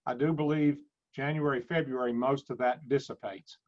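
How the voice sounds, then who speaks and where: A man giving measured opinions on a casual industry call. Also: medium pitch, fairly even intonation. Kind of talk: casual chat. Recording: dull lo-fi phone call.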